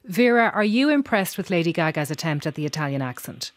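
A woman hosting a radio show, putting brisk, probing questions to her guests. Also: on the low side, sing-song, no echo. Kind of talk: radio interview.

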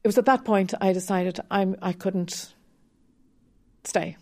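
A woman's voice: mid-range voice, a little slow. Reflective woman harp teacher. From Ireland. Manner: candid, reflective, with soft laughs. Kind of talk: radio interview.

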